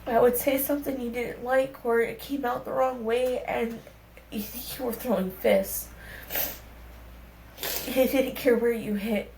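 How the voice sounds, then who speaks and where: Young woman, gravelly voice, slightly high, candid storytelling, casual swearing, echoey room, faint hum. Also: fairly even intonation, unhurried, a little mellow. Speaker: podcast guest. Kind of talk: personal storytelling conversation.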